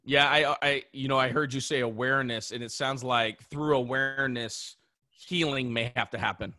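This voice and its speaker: A man's voice: medium pitch, steady tone, normal speed, pushed and bright, no room sound, studio quality. A man hosting a podcast interview, thoughtful and emphatic, often restarting his sentences. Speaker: podcast host. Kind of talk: reflective interview conversation.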